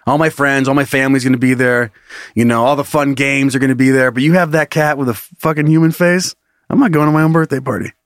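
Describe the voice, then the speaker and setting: A man's voice: mid-range voice, fairly even intonation, fast talker, dry recording, clean studio sound. Laughing man riffing on a podcast. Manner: laughs often, builds absurd scenarios. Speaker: podcast co-host. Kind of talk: casual comedic chat.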